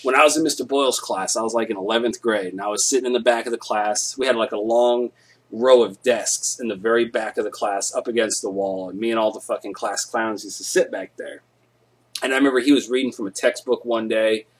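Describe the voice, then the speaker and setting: A young man with a husky, slightly breathy voice chats on a live stream in a laid-back way. He swears freely and turns loud and animated when he acts out his stories. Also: fairly low pitch, fairly quick. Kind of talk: casual live-stream storytelling.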